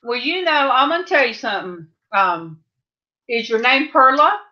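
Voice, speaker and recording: A woman's voice: sits high, animated, normal speed. A middle-aged woman from California hosting a livestream from her home craft room, chatting and rambling as she answers viewers' comments. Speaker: livestream host. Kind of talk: casual chat with viewers. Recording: slightly dull lo-fi sound.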